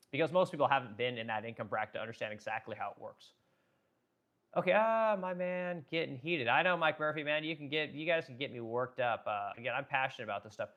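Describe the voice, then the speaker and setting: Fast-talking blunt man on a livestream. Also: mid-range voice, fairly bright tone. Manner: blunt, profane, rambling with many restarts. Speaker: livestream host reading chat comments. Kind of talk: casual opinionated livestream talk.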